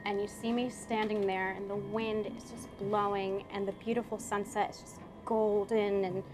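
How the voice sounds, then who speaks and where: A woman player narrating her character's memory in a lively, chatty tabletop game. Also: mid-range voice, moderate pace, noisy background. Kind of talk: tabletop role-play narration.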